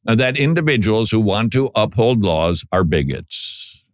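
A man's voice: lowish voice, animated, a little slow, no echo, studio quality. A male commentator reacting to played speech clips in a sardonic, conversational way, often restarting his sentences. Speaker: political commentator.

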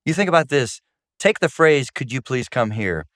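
A man's voice: mid-range voice, expressive, normal speed, fairly bright tone, dry recording, clean studio sound. A middle-aged man, a marriage counselor co-hosting a talk about marriage, who speaks emphatically and keeps stressing points with "guess what". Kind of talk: conversational teaching on marriage.

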